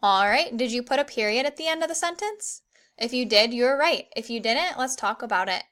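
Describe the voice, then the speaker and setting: A young woman teaching an online grammar lesson to children, clear and encouraging, reading the examples slowly. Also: a little high, animated, fairly bright tone.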